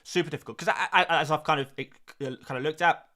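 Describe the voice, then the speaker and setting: A man's voice: on the high side, quick pace, sharp tone. A man hosting a fantasy football live stream, answering viewer questions in a casual, chatty way with frequent fillers, restarts and repeated phrases.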